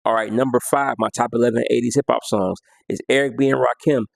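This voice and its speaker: Laid-back man with a gravelly voice. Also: medium pitch, fairly even intonation, fast talker, no room sound. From United States. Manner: laid-back, slangy, half-sings lyrics and beats. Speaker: music vlogger. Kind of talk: casual countdown commentary.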